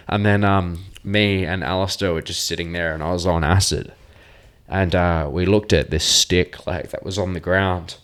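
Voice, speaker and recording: A man's voice: low-pitched, fairly even intonation, normal speed, fairly bright tone, clear, resonant tone. A young man, a podcast guest rambling through a profane, laughing party story in casual chat. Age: young adult.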